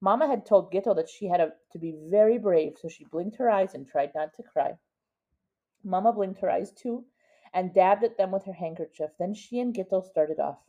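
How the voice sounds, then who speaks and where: A woman's voice: medium pitch, moderate pace, dark tone. A woman reading a picture book aloud to a child, stopping to explain words, on a dull lo-fi recording. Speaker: reader to a child.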